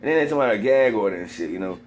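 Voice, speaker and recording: A man in a rambling monologue, swearing constantly and repeating himself, sometimes getting heated and loud. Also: on the low side, animated, racing, slight background noise. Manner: gets heated and loud at times.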